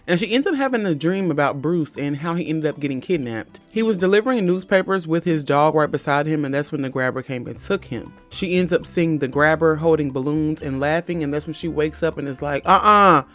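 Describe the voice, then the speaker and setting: A woman's voice: deep voice, brisk, few pauses, faint music behind. A woman giving a comedic movie recap, blunt and profane with wry asides.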